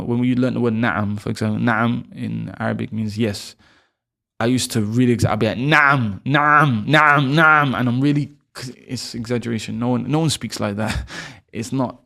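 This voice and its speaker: A man with a gravelly, creaky voice talks through Arabic letters in a loose, casual lesson. He repeats throat sounds slowly and over-emphasized, breaks off to correct himself, and chats along the way. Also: lowish voice, steady tone. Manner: demonstrates throat sounds with exaggerated repetition; self-correcting, chatty, laughs at himself. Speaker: Arabic teacher.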